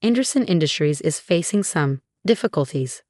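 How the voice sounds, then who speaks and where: A woman's voice: low voice, animated, normal speed, darkish tone, no echo, studio quality. A woman reading a stiff proud old patriarch. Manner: stiff, formal. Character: stiff, proud older male family patriarch. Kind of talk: scripted story narration.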